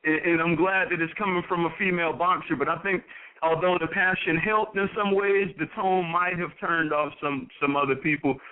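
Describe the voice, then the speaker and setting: Radio host, man, slightly high voice, measured and diplomatic; lo-fi phone-like sound. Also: fairly even intonation, smooth. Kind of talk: radio talk show chat.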